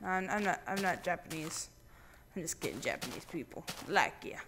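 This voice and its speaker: A man hosting his own gaming channel, giving casual let's-play commentary with random, jokey, excitable banter. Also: fairly high pitch, normal speed, a little hiss or hum.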